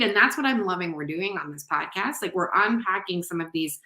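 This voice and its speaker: A woman's voice: on the low side, animated, brisk, few pauses, sharp tone, echoey room, rough recording. A woman hosting a podcast in casual chat, talking loosely with lots of "like" and "you know". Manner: chatty, heavy use of "like" and "you know". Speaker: podcast host.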